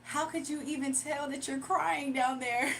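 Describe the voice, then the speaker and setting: A high-pitched woman chats with her livestream viewers in a loose, animated way, laughing often as she talks. She sits a little back from the mic, and a faint hum of noise runs under her voice. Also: unhurried, vocal fry, recorded from a distance, low-quality recording. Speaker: livestream host. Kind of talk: casual livestream chat.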